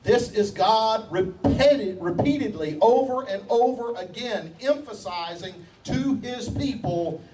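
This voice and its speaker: A man preaching a sermon, emphatic and repetitive, slowing down to stress each scripture quote. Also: sits high, expressive, dark tone, roomy sound. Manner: emphatic, repeats key phrases, slows down to stress scripture quotes. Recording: distant mic with faint background noise.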